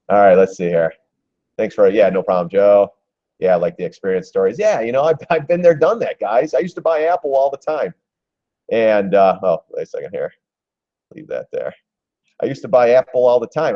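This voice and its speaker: A man's voice: mid-range voice, mellow, no echo. A man hosting a live stream as a stock trader, giving casual market commentary in a chatty, joking way with frequent restarts. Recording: dull, lo-fi, dry stream audio.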